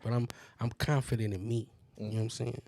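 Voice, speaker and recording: A man's voice: medium pitch, fairly quick, gravelly, no room sound. A man tells a story on a casual podcast and jumps into raised voices to act out what people said. His voice sounds dry and close, with little room around it. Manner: animated storyteller, acts out quotes in a raised voice. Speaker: podcast co-host. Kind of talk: casual chat.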